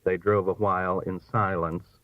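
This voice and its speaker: A man narrating a literary short story aloud in a lively, expressive way. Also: low-pitched, a little slow, dry recording. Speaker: audiobook reader. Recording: thin phone-like dry sound.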